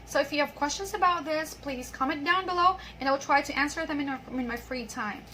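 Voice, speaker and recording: A woman teaching an online English pronunciation lesson, patiently reading example sentences and repeating them slowly. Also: sits high, bright, forceful tone, a little hiss or hum, rough recording.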